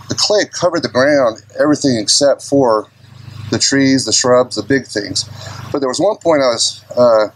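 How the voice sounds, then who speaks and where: A man telling a personal story at an open mic in a casual, rambling way, clearing his throat often and jumping ahead of himself. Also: medium pitch, slight background noise, poor audio. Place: outdoor gathering open mic.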